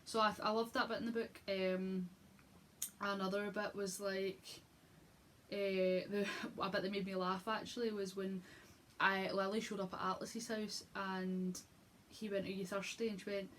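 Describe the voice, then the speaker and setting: A woman's voice: mid-range voice, level tone, unhurried, a bit bright, a little hiss or hum. Gushing chatty young woman. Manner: gushing and chatty, full of fillers and restarts. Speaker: book vlogger. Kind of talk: casual book review.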